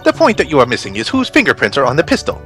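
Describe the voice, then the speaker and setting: A man's voice: mid-range voice, wildly swooping pitch, very fast, bright, forceful tone, faint music behind, pitched above the performer's own voice. A man voicing an arrogant young female prosecutor who speaks in clipped, contemptuous orders in a game.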